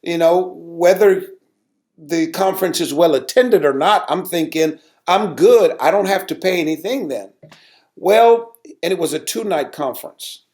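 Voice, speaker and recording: A middle-aged American pastor tells a story from his ministry in a storytelling sermon style. His voice is a little high and unhurried, yet animated; he repeats words and rises sharply when recalling his anger.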